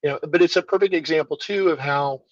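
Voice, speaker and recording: A man's voice: a little high, fast, no echo, dull audio. A man who runs a martial arts school, telling stories as a podcast guest and acting out the dialogue. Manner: animated storyteller, acts out quoted dialogue. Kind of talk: storytelling in a podcast interview.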